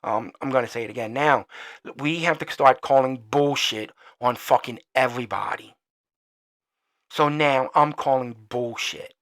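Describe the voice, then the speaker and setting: Podcast host, man, solo opinion rant: heated, swears a lot, rambles, middle pitch. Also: a little slow. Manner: trails off quieter when signing off.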